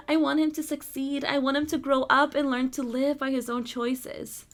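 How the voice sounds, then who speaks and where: A woman's voice: sits high, moderate pace, gravelly. A woman hosting a let's play, reading a visual novel aloud, often tripping over words and scolding herself.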